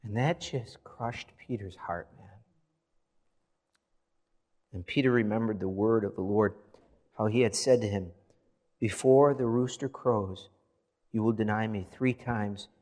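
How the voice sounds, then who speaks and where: A man's voice: fairly low pitch, measured pace, long pauses, darkish tone. A man preaching a sermon as pastor, reading scripture aloud and building emphasis as he goes.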